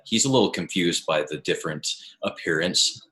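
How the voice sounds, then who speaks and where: A man's voice: sits low, expressive, normal speed, bright, forceful tone. A man playing a tabletop game, speaking hesitantly and fumbling over his words. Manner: hesitant, fumbling, laughing often. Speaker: player. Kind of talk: tabletop game role-play.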